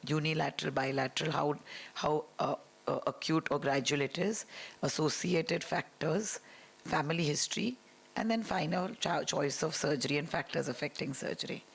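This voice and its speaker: A woman with an Indian English accent giving a conference lecture on eye surgery, her voice hoarse and strained, with many fillers. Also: low voice. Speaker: oculoplastics consultant presenting a talk.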